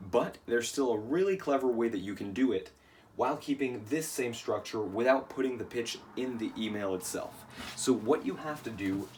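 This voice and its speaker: A man's voice: mid-range voice, darkish tone, far from the mic, slight background noise. A tired man with a worn voice, teaching email marketing in a casual lesson, often checking in with "right?". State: tired, voice shot.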